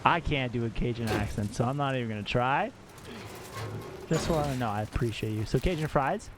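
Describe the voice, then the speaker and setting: A man live-streaming a game and chatting casually with viewers, excitable, laughing often and swearing when surprised. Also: medium pitch, brisk, over music. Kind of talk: casual gameplay commentary to chat. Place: at home.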